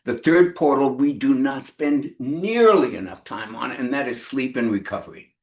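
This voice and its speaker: A man gives a commencement keynote on a live-stream in a conversational, animated way, dotted with fillers. His voice sits at an ordinary mid pitch. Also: moderate pace. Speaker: keynote speaker. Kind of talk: commencement speech. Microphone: live-stream microphone.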